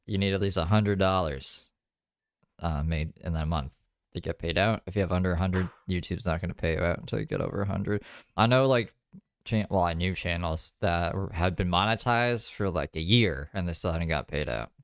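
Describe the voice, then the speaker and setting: A man's voice: deep voice, normal speed, no echo, clean studio sound. A man chatting casually on a live stream, rambling and swearing with laughing asides. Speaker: streamer reacting to another creator's live.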